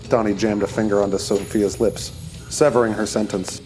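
A man reading an audiobook chapter as narrator in a steady, even storytelling voice. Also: fairly low pitch, moderate pace, soft background music.

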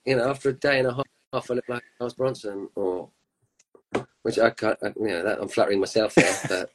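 A man, a musician guest telling anecdotes in a relaxed, chatty way. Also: on the low side, fairly quick, poor audio. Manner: chatty storyteller, laughs often. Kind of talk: casual chat.

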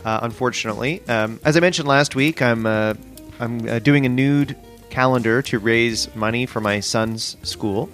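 A man's voice: medium pitch, normal speed, faint music behind. A man co-hosting a comedy podcast, reacting earnestly and telling a sincere, rambling story. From Canada. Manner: earnest, easily impressed, lively reactions. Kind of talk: improvised comedy chat.

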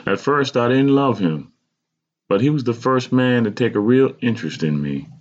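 Male reader voices a pained, pleading mother, pitched well up from his own voice, on a dull lo-fi recording. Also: animated, normal speed, creaky. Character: pained, regretful mother recalling a hard youth.

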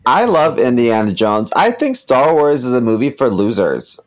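A man in casual podcast chat, rambling and cracking deadpan jokes. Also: mid-range voice, normal speed.

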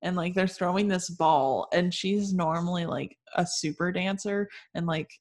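Give me a woman with a lowish voice casually retelling a book's plot. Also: normal speed, a little mellow. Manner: chatty, storytelling, lots of "like". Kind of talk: casual book-recap chat.

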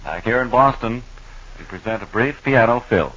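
Man, mock play-by-play announcer, earnest patter, dry replies, middle pitch, dull old radio sound. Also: animated, moderate pace, a bit bright, slightly rough. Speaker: comedy radio host.

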